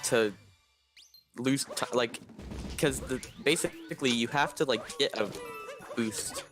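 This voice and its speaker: A man giving relaxed live commentary on a speedrun race, explaining the tricky parts. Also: medium pitch, slow, soft background music. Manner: explanatory, relaxed, laughs easily.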